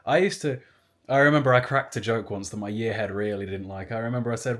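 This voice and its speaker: A man's voice: lowish voice, quick pace, fairly bright tone. A man in his twenties chatting casually to camera, telling rambling anecdotes with side remarks. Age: 20s. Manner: rambling, anecdotal storytelling with asides. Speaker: YouTuber. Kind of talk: casual vlog chat.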